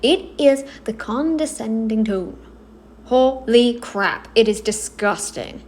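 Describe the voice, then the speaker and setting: A woman giving casual reaction commentary, halting and self-correcting, blunt and exasperated in her opinions. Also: on the high side, animated, a little mellow. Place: home, kneeling then seated.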